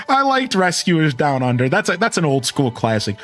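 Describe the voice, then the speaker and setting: A man's voice: fairly high pitch, normal speed, no echo, faint music behind. Rambling Ohio man in his thirties. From Ohio, USA. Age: 30s. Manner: rambling, self-correcting, animated. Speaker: streamer. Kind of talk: casual live-stream chat with viewers.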